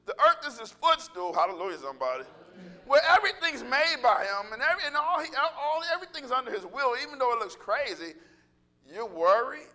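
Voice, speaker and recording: A man preaching a sermon, animated and joking, acting out little voices and calling out to the congregation. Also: very high-pitched, fairly quick. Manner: animated, joking, acts out voices, laughs often; calls out to congregation.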